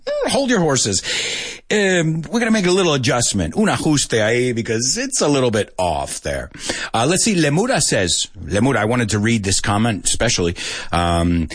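Animated man mixing two languages. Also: medium pitch, moderate pace, breathy edge, no echo, clean studio sound. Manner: animated, switches between English and Spanish. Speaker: podcast host teaching Spanish speakers English. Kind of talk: casual bilingual chat.

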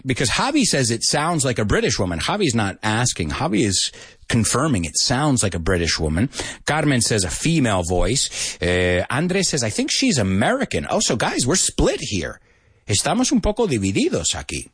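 A man hosting a casual live English lesson, animated and chatty, slipping between English and Spanish phrases and laughing often. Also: mid-range voice, moderate pace, husky, no echo, clean studio sound.

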